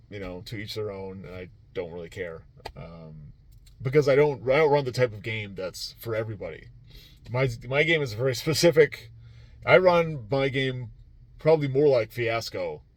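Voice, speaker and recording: A man who runs tabletop games at a convention, recapping his weekend in a loose, rambling way with lots of fillers and restarts. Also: fairly low pitch. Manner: rambling, many fillers and restarts, laughs easily. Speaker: game master at a convention. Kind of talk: casual vlog recap.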